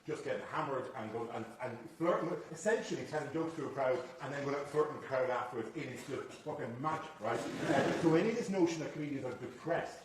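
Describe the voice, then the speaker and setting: A middle-aged Irish man, a comedian guest telling stories in swearing, animated chat. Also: mid-range voice, fast talker, hardly any pauses. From Ireland. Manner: animated storyteller, swears freely. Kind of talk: anecdotal chat. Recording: echoey room, far from the mic, loud noise.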